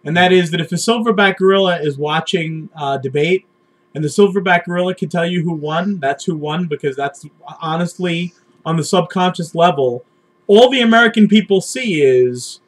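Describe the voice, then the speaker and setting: A man's voice: high voice, normal speed. A man co-hosting a podcast, laying out his ideas in casual political talk. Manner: lays out theories, acts out quotes. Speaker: podcast co-host.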